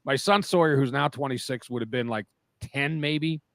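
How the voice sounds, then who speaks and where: Fifties male co-host, bright, forceful voice, animated storyteller. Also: mid-range voice, moderate pace, vocal fry, no echo, studio quality. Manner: animated storyteller who acts out quoted voices. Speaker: podcast co-host. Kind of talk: casual anecdote telling.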